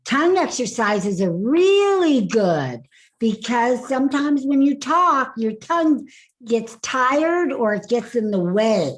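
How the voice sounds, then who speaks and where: A woman's voice: fairly high pitch, big pitch swings, slow pace. Upbeat woman leading voice drills on a video call. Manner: upbeat, laughs often, leads group drills. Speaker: speaking coach. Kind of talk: online workshop teaching voice exercises.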